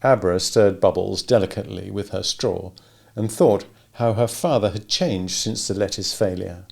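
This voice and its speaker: A man's voice: fairly low pitch, normal speed, gravelly, darkish tone. A man narrating a novel as an audiobook, reading expressively.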